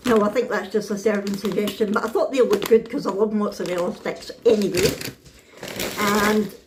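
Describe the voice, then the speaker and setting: A woman's voice: medium pitch, noisy background. A Scottish woman, middle-aged, chatting casually to camera in a family vlog, rambling with lots of ums and little laughs. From Scotland. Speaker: vlogger.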